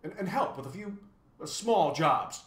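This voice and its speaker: A faceless storybook gentleman, sugary polite and wheedling, pitched up high and sweet, as a man puts him on. The voice is bright and lands in a roomy echo. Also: sing-song, a little fast. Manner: politely wheedling, eager to please.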